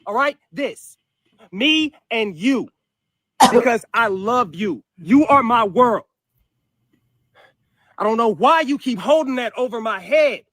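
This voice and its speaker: A man playing a husband in a comedy skit, shouting his denials and then pleading softly with his wife. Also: very high voice, animated, slow, long pauses, no echo, heavily acted. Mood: defensive.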